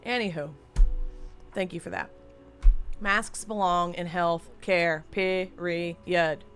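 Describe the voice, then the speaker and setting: A woman's voice: on the low side, fairly even intonation, slow pace, a bit bright, faint music behind. A woman streamer chatting casually and candidly into a desk microphone at home, rambling and swearing freely. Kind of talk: casual live-stream chat.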